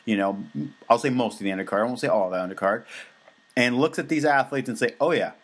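A man's voice: medium pitch, fast. An American man co-hosting a podcast, talking in a rambling, casual way with many fillers and restarts. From United States. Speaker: podcast co-host. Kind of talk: casual chat.

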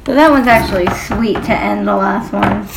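A woman's voice: mid-range voice, normal speed, vocal fry, noisy background. A young woman co-hosting a casual podcast, reading messages aloud with dry, amused asides. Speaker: podcast co-host.

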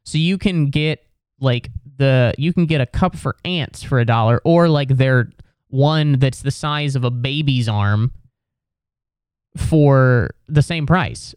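A man's voice: mid-range voice, takes it slowly, a little mellow, clear, resonant tone, dry recording, clean studio sound. A man telling a rambling, exasperated comedic story in a casual, profane rant.

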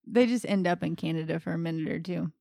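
A woman co-hosting a podcast in casual chat, teasing and quick with jokes. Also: fairly low pitch, vocal fry, mellow, no echo, clean studio sound.

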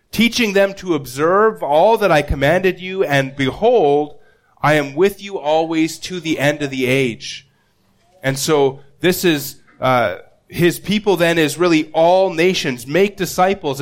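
A man pastor delivering a sermon in an earnest, steady way. His voice sits a little high for a man, and he tends to repeat a word when he restarts a thought. He slows right down to press on the phrases that matter.

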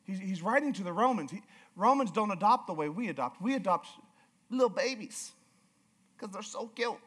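A man's voice: high-pitched, lively intonation, moderate pace, fairly bright tone, breathy edge. A male pastor preaching a sermon with emphatic, repeated phrases.

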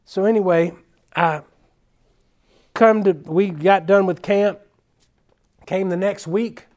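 High-voiced man telling folksy ministry stories. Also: slow pace. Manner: animated, folksy storytelling with casual slang. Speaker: children's minister speaking at a conference. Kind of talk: storytelling conference talk.

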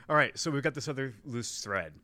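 A man hosting a podcast interview who talks in a thoughtful, measured way and sometimes searches for his words. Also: mid-range voice, bright, forceful tone, no echo. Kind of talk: casual conversational interview.

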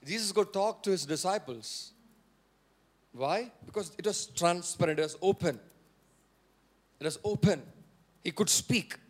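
Pastor guy w a high voice preaching, says stuff twice, keeps asking the crowd to say it back. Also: measured pace, long pauses. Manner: repeats key phrases for emphasis; questions and prompts the congregation. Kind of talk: sermon.

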